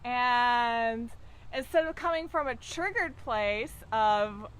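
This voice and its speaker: A woman, a tantra teacher, telling a personal example in slow, unhurried casual chat. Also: on the high side, expressive, fairly bright tone, smooth.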